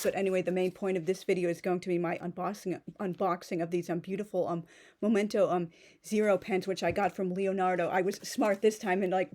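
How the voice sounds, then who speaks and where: A woman's voice: fairly low pitch, a little mellow. A woman in her thirties chatting casually through an unboxing, rambling with many fillers and restarts. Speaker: pen vlogger.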